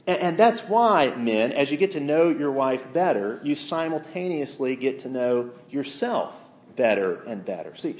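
A man preaching a sermon to a week-long gathering, earnest and emphatic, slowing down to stress key phrases and quoting scripture and authors aloud. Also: on the high side, slight background noise.

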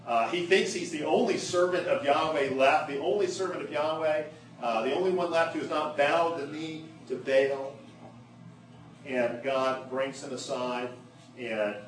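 A man preaching a sermon, who slows down and leans into key phrases for emphasis. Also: fairly high pitch. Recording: echoey room, mic at a distance.

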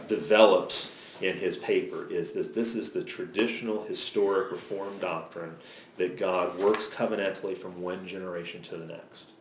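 A man's voice: low-pitched, slight background noise. A man teaching a church Bible study class in a conversational lecture style, often checking in with his listeners by asking "okay?". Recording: echoey room, faint background ambience.

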